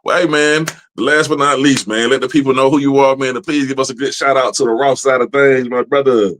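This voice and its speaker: Profane laid-back host. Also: male voice, mid-range voice, fairly even intonation, fairly quick, a bit bright, a little hiss or hum. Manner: loose, profane, streetwise banter. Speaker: podcast host. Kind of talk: casual podcast chat.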